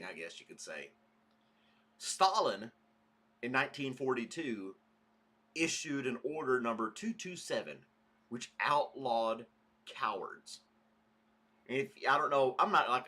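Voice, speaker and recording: A man's voice: mid-range voice, bright, forceful tone. A man hosting a casual morning livestream podcast, rambling chattily and greeting viewers by name. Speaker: podcast host.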